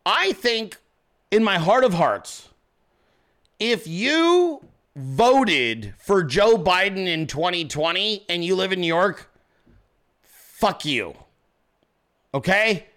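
A man's voice: sits high, big pitch swings, slow, fairly bright tone. A man hosting a political commentary show, blunt and crude, ranting at his audience in casual speech. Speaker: show host.

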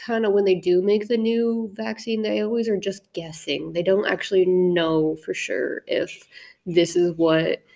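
A woman's voice: mid-range voice, fairly even intonation, unhurried, gravelly, warm tone. A young woman co-hosts a casual podcast chat, rambling from one topic to the next. She is blunt and swears freely, with frequent restarts. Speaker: podcast co-host.

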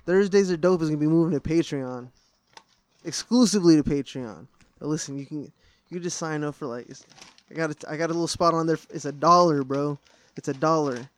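A man hosting a podcast, telling stories in a loose, profane, high-as-hell way. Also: fairly quick. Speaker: podcast host. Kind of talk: casual podcast chat.

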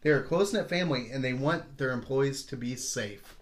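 A man's voice: mid-range voice, brisk. A man hosting a casual podcast, loosely reading out odd news stories with swearing and jokes. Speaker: podcast host.

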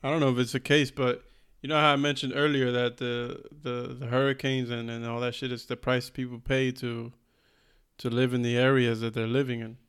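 A man co-hosting a podcast, explaining his views in a hesitant, measured way with many restarts. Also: mid-range voice, little pitch movement, a bit bright, clear, resonant tone. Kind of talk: casual podcast chat.

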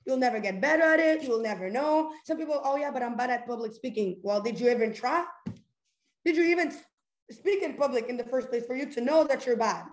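Brisk and lively in intonation, a high-voiced woman runs a live motivational call, the sound roomy around her. She addresses listeners with energy and directness, tossing out rhetorical questions and erupting in laughter.

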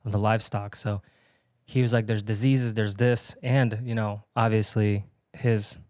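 A young man on a casual podcast, telling a personal story in an animated way and laughing now and then. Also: lowish voice, measured pace, no echo, studio quality. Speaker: podcast co-host. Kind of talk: casual chat.

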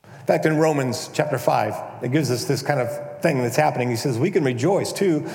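A man preaching a conversational, animated sermon as a pastor, now and then acting out prayers in a mock-pompous voice. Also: mid-range voice, fairly quick, creaky. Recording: echoey hall, long reverb.

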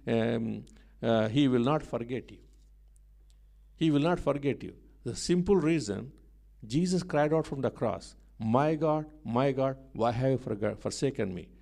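Fervent male preacher, high-pitched. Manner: emphatic, repetitive, swings between soft and loud. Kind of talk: sermon.

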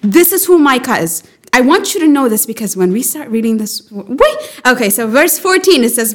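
Animated woman teaching a group Bible lesson. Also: normal speed. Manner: animated, acts out quotes with rising pitch.

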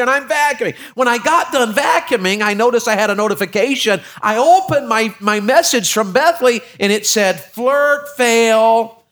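Guy preaching in church, kinda high pitched, jokey and folksy, stumbles and repeats words. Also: fairly bright tone. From Tennessee, USA. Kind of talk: sermon.

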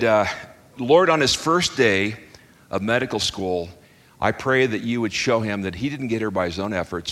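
A man's voice: lowish voice, fairly bright tone. A middle-aged man preaching to a congregation, a folksy, chuckling storyteller who restarts his sentences, then leading a closing prayer. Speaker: pastor. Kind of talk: sermon with stories and closing prayer. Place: church hall before a congregation. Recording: long hall reverb.

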